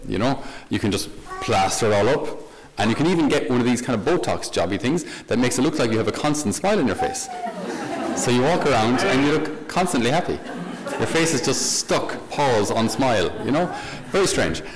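A man's voice: mid-range voice, big pitch swings, brisk. A man, a Catholic priest, giving a conversational homily with light humor and questions to the listener. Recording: long hall reverb.

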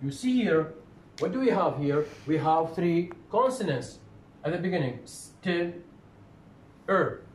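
A man's voice: on the high side, lively intonation, unhurried. A man lecturing on phonetics, repeating himself and answering his own questions. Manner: repetitive, asks questions and answers them. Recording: echoey room with faint noise.

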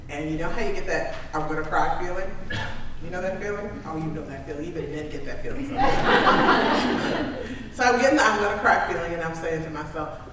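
Animated woman telling stories to a crowd. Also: sits low, a little fast. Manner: animated storytelling, self-deprecating, laughs often. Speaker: keynote speaker. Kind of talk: humorous motivational talk. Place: large conference room with live audience. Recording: very echoey room, distant mic, ambient noise.

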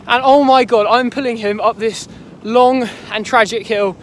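Young guy, high voice, loud and excitable, breathless, outdoor phone vlog in snow with heavy wind hiss. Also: moderate pace. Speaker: vlogger. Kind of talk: casual vlog talk to camera. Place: outdoors on a snowy golf course in a blizzard. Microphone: handheld phone.

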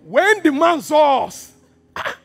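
A man preaching a sermon, telling a personal story with acted-out dialogue and hushed asides. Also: very high-pitched, sing-song, slow pace, vocal fry, faint music behind. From Nigeria. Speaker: pastor.

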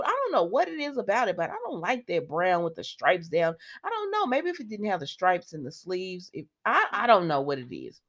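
Animated woman recapping a soap. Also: lowish voice, brisk, hardly any pauses. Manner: animated, talks straight to viewers, acts out the characters. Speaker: soap opera recap vlogger. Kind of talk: casual chatty recap.

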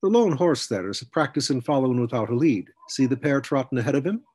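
A man's voice: mid-range voice, animated, fast, darkish tone, husky. A man voicing a big, jovial male centaur cavalry trainee with an Irish accent, chatty and explanatory, in an audiobook.

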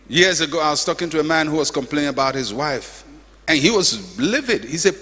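An older pastor preaching a sermon in a church, with emphatic, repetitive exhortation and humorous asides. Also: male voice, fairly high pitch, lively intonation, brisk, sharp tone. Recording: echoey church hall.

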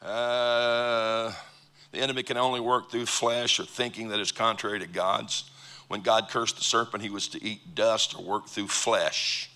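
A man preaching a sermon in a church, joking with sudden loud outbursts and quiet asides. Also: lowish voice. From United States. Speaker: pastor. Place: church auditorium.

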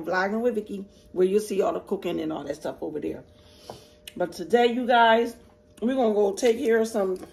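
A woman hosting an eating show, chatting with viewers in a casual, familiar way between bites. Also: fairly low pitch. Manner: chatty, talks to viewers as y'all, eats between lines. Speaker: mukbang host.

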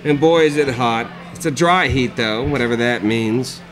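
A man reading his own dark comic prose aloud at a live cafe reading, with a dry, sardonic delivery. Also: medium pitch, moderate pace, crowd noise, low-quality recording.

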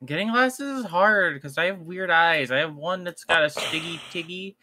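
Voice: mid-range voice, moderate pace, sharp tone. A speaker in a casual livestream chat, giggly and a little sheepish.

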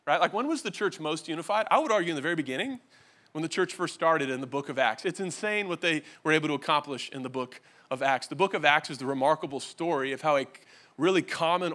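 Bright-voiced joking pastor preaching to a church. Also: male voice, on the high side. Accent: Californian American. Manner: joking, conversational, asks the crowd questions. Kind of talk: humorous sermon. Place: church stage.

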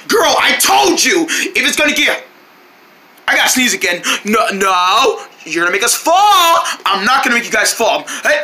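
Brief: woman narrating and voicing every character in a toy play scene, shouty and dramatic, very lively pitch, bright tone, faint noise behind. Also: moderate pace. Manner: shouty, dramatic, switches voices constantly. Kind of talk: improvised toy play-acting.

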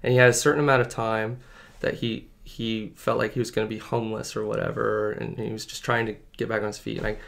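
A man's voice: on the low side, flat delivery, fast talker, gravelly, a bit bright. A man sharing a personal faith story in casual conversation, earnest and rambling, with lots of fillers. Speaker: podcast guest. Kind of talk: casual testimony chat.

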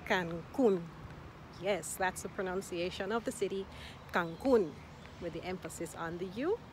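A woman teaching Spanish to expats, speaking slowly and repeating each word carefully in an upbeat, encouraging way. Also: on the low side. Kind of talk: language lesson. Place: outdoors in a city park. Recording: outdoor noise, birds and traffic.

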